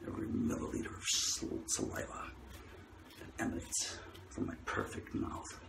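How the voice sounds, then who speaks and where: A man playing a self-important preacher in whispered role-play, smug and mock-intimate, breathy and close to the mic. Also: normal speed, reverberant, heavy background noise, natural voice.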